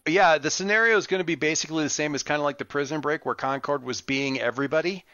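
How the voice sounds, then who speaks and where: A man's voice: fairly high pitch, fast talker, bright, forceful tone, dry recording. A man narrating as game master of a tabletop game, rambling with many fillers and restarts, over an online voice call. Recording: muffled lo-fi voice chat.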